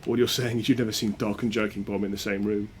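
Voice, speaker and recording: Guy streaming a speedrun, kinda low voice, joking around w chat, faint hum behind. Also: level tone, fast talker. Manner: joking, chatty, reads chat aloud. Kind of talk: casual chat with viewers while playing.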